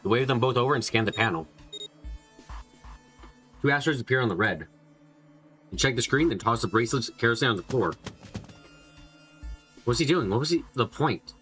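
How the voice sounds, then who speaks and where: A man's voice: medium pitch, animated, fairly quick, long pauses, fairly bright tone, faint music behind. A man reading a visual novel aloud and commenting casually, swearing and laughing often. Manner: swears a lot, laughs, chatty. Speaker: game streamer.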